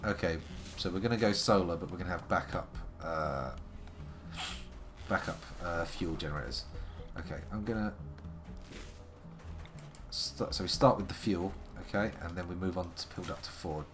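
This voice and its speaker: A man's voice: deep voice, moderate pace, over music. A man giving playful, wordy live commentary on a game he is playing, making theatrical asides to his chat. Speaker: live-streaming game player.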